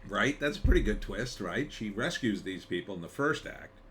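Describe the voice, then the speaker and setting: A screenwriter giving a rambling, conversational trailer reaction, full of fillers and wry asides. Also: male voice, on the low side, expressive, normal speed, fairly bright tone, a little hiss or hum. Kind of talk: casual commentary.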